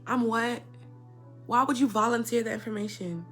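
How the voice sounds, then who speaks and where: A young woman telling a personal story in a casual, indignant rant, swinging between loud outbursts and quiet asides. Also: on the high side, normal speed, faint music behind. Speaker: storyteller vlogger.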